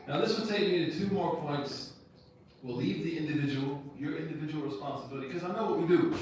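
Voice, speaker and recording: A man's voice: fairly high pitch, quick pace, darkish tone, slight background noise. A man, an imam, giving a casual lecture to students, talking directly and conversationally with slang and rhetorical questions. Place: university lecture room. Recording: echoey room, picked up from a distance.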